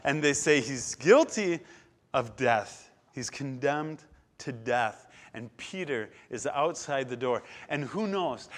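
A man with a somewhat high voice preaches a sermon, retelling scripture and swinging dramatically between loud declarations and hushed, quiet passages.

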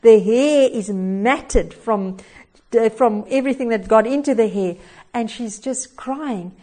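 A woman's voice: fairly high pitch, a little slow, warm tone. A woman preaching a devotional sermon, telling a story expressively with little chuckles and hesitations.

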